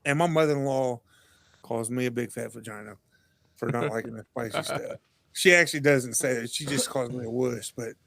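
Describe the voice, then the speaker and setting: A man's voice: medium pitch, a little fast, creaky, dry recording, clean studio sound. A man guesting on a podcast, chatting casually and acting out the voices in his stories. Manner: animated storyteller, acts out quotes. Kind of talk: casual chat.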